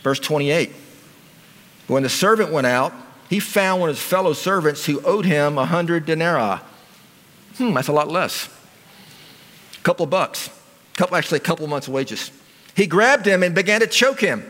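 A middle-aged man preaches into a stage mic, animated and emphatic, and often repeats himself for effect. His voice sits a bit high for a man. A long reverb rings around him in a large church hall. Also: normal speed, long pauses. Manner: animated, emphatic storytelling with repetition. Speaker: pastor. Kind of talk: sermon.

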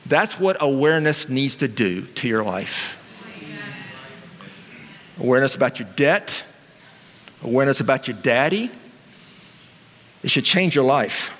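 A middle-aged male pastor preaching a sermon, telling stories in an animated way with emphatic repetition. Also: mid-range voice, unhurried, long pauses, in a large hall, slight background noise.

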